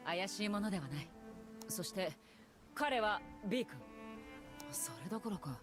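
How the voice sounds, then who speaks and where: A woman voicing a calm young adventurer in a video game, speaking politely and earnestly over music. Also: medium pitch, fast, natural voice. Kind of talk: Japanese game dub.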